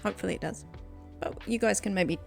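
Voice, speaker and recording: A woman's voice: medium pitch, a little fast, gravelly, faint music behind. A woman with a New Zealand accent chatting casually with her viewers on a game stream, giggling often, at a desk microphone. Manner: giggly, chatty, talks to chat. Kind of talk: casual gaming stream chat.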